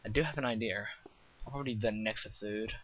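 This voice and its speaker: Talking fast in a lowish voice, this British let's play gamer offers casual, rambling commentary on his game. He jokes at his own expense while chatting with viewers, over a slightly muffled recording with faint hiss.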